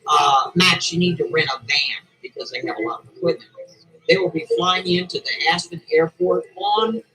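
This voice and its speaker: A man voicing a commanding male company boss who gives brisk, businesslike orders in a told story. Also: sits high, sharp tone, rough recording.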